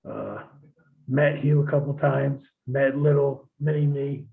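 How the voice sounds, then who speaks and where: A man's voice: medium pitch, unhurried, vocal fry. Profane storytelling man on a tinny line. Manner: profane, laid-back storytelling with laughs. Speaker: guest, former wrestler. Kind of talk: casual storytelling interview.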